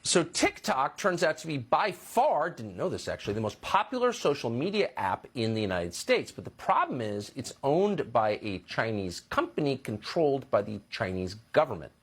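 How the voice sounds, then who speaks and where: Husky male commentator, animated intonation, explanatory. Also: mid-range voice, moderate pace, hardly any pauses. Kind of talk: spoken commentary.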